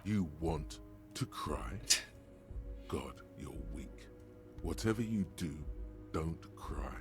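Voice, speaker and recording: A very deep, slow inner voice. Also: male voice, expressive, heavily acted. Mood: mocking. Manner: slow, ominous, mocking narration. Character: deep inner voice of a troubled male detective. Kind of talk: game narration. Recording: game audio with music behind.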